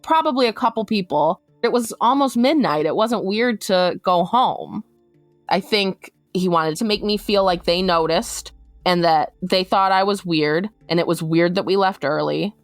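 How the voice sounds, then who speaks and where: A woman recounting a distressing personal story for a podcast, talking quickly and acting out what people said. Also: lowish voice, no room sound, faint music behind. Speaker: interviewee recounting her story.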